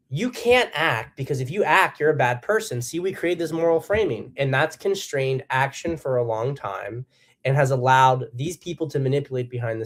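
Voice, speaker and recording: A man giving solo political commentary as host, blunt and profane, with emphatic bursts. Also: medium pitch. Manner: acts out quotes in a harsh voice.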